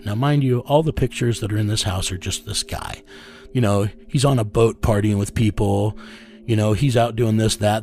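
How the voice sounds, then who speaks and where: A middle-aged man being interviewed, telling a rough story in a blunt, profane way and chuckling as he goes. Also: fairly low pitch, a little mellow. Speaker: interviewee recounting a rescue case.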